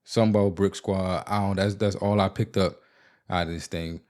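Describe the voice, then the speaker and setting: A man hosting his own podcast, venting in a casual solo monologue and telling stories in a blunt, profane and animated way. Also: sits low, brisk. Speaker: podcast host.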